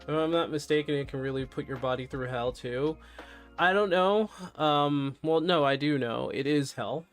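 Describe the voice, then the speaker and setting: A man's voice: a little high, moderate pace, clear, resonant tone, faint music behind. Subdued man chatting on a live stream. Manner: candid, subdued, reacting to news and chat. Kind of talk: casual live-stream chat.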